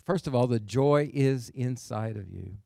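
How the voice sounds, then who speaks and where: A man's voice: medium pitch, measured pace, gravelly, dark tone, dry recording, studio quality. A man preaching a sermon as pastor, emphatic, with call-and-response asides and phrase endings that drop to a near whisper.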